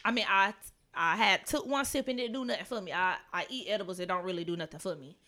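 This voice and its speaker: A woman co-hosting a podcast, telling funny stories in an animated, profane way with lots of laughter. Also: mid-range voice, fast. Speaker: podcast co-host. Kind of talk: casual podcast storytelling.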